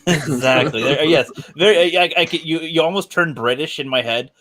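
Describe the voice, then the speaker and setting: A man's voice: on the high side, brisk, a bit bright. A man chatting as a livestream guest, joking and laughing often. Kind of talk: casual chat.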